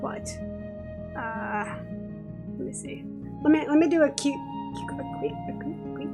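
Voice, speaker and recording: High-voiced woman streamer rambling aloud. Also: slow, music in the background. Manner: rambling, self-correcting asides. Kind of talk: cold-reading a visual novel aloud.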